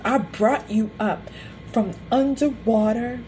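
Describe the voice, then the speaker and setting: A woman's voice: fairly high pitch, lively intonation, a little slow, slight background noise. Soothing, reassuring woman healer. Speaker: spiritual healer. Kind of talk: live-streamed healing session.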